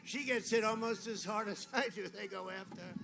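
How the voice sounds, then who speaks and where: A man's voice: sits high, fairly quick, creaky, a bit bright. A man giving a rambling, boastful campaign rally speech, repeating his lines often, on a podium microphone outdoors. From United States. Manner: boastful, repetitive, rambling asides. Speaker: political candidate. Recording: noisy outdoor rally feed.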